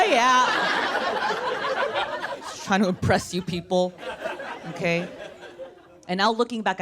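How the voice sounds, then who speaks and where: A woman from Orange County doing a stand-up set on a club stage, with a deep voice and brash crowd work. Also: very noisy. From Orange County, California. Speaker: stand-up comedian. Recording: live club recording with loud crowd. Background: audience laughter.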